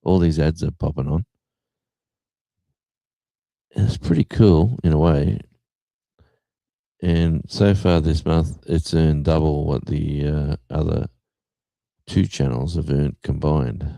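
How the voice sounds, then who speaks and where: A man's voice: a bass voice, gravelly, mellow, no room sound. A middle-aged man hosting a livestream, chatting casually and rambling with lots of fillers. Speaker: livestream host.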